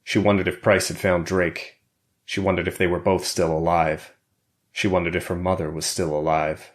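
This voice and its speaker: A man narrating an audiobook in a steady, even reading. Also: deep voice, moderate pace. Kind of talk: scripted narration.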